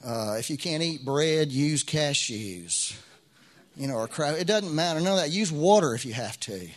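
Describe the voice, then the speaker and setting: A man's voice: on the high side, animated, normal speed. Conversational middle-aged male pastor. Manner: conversational, with frequent restarts and rising bursts of emphasis. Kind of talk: sermon.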